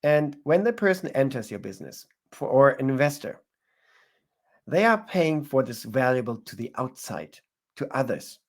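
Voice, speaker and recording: A man's voice: medium pitch, sing-song, moderate pace. A man giving advice as a guest in an interview, often restarting his phrases as he searches for words. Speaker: guest entrepreneur. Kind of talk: casual interview answers.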